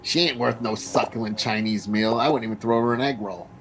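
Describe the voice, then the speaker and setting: A man's voice: mid-range voice, fairly even intonation, a little fast, fairly bright tone, a little hiss or hum, poor audio. A man streaming live reaction commentary, swearing and mocking the people on screen in a combative way.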